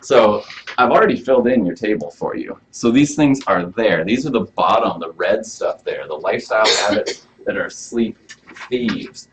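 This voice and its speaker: A man's voice: lowish voice, animated, normal speed, a little hiss or hum. A man presenting a health workshop as a chiropractor, talking casually and asking the audience questions. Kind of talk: live workshop talk to an audience. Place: room with a small live audience. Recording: dull lo-fi recording.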